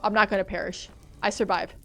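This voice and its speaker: A young woman streaming a game live, talking to her chat in a panicky, excitable way. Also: mid-range voice, fast talker. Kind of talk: live gameplay commentary.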